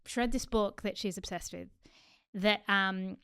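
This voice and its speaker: Woman cohost, smooth clear voice, chatty, laughs a lot while talking. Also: medium pitch, fairly even intonation, a little slow, fairly bright tone. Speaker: podcast co-host. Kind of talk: casual chat.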